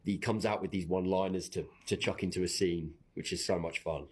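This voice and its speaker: A man, an actor, answering an interview in a quick, jokey way. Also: low voice, fairly even intonation, husky.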